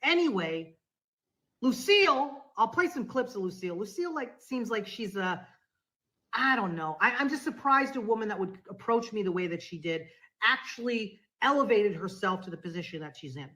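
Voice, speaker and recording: A woman's voice: mid-range voice, moderate pace, poor audio. Woman telling a story animatedly on a podcast. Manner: animated, acts out quoted dialogue. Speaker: podcast guest. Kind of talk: conversational storytelling.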